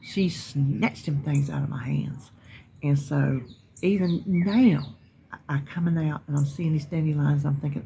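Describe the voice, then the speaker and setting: A woman's voice: sits low, unhurried, gravelly, dark tone, slight background noise. A middle-aged woman with a Southern US accent, chatting casually to her viewers in a rambling, folksy way, sitting outside in her yard. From North Carolina, US. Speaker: vlogger. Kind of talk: casual chat. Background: birds chirping.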